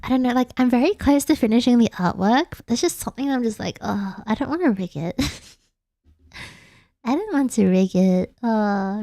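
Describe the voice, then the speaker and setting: A woman's voice: on the high side, dark tone, dry recording, studio quality. A young woman from Australia, a vtuber chatting playfully late at night, giggling and rambling. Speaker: vtuber streamer. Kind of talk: casual late-night chat.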